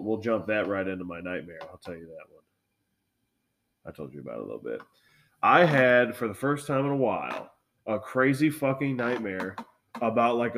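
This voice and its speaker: A young man in a loose podcast chat, swearing freely as he tells his stories. His voice sits at an ordinary middle pitch, and he talks with restless energy, jumping from thought to thought. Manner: profane, animated storytelling. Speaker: podcast co-host. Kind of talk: casual chat.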